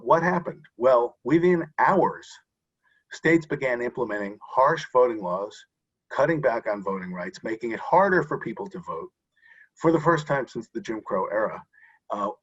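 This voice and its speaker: With a husky, medium-pitched voice, a man serving as a guest expert on voting rights gives an earnest interview answer via video call, often restarting his thoughts. The audio is dull.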